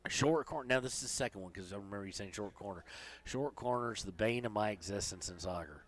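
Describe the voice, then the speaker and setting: A man's voice: lowish voice, fast, fairly bright tone. Guy calling a local soccer game from the press box, chatty, cracks jokes. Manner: chatty, joking asides between plays. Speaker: play-by-play commentator. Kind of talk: high school soccer commentary.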